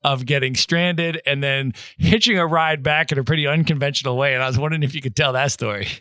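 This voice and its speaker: A man's voice: mid-range voice, fast talker, bright, forceful tone, clean tone, no echo. A man hosting a podcast interview, asking friendly prompting questions. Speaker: podcast host.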